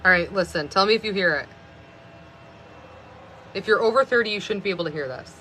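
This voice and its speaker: A woman's voice: medium pitch, animated, brisk, sharp tone, a little hiss or hum. A woman around thirty rambling chattily on a phone live stream, with many fillers of "like". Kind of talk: casual live stream chat.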